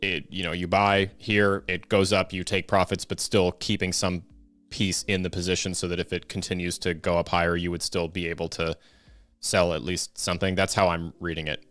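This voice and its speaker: Deep-voiced man telling a rambling story. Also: level tone, moderate pace, fairly bright tone, dry recording. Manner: rambling storyteller, many fillers and restarts. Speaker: co-host. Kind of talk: casual live-stream chat.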